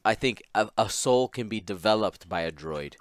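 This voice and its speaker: A man's voice: on the low side, expressive, moderate pace, no echo. A man hosting a casual podcast, giggly and rambling, restarting his sentences often. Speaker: podcast host.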